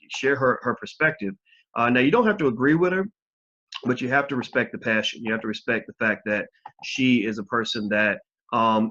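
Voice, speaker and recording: Low-voiced man swearing in casual livestream chat. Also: sharp tone. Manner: frank, talks to viewers directly, swears freely. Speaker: host of a live video channel. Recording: dull lo-fi livestream audio.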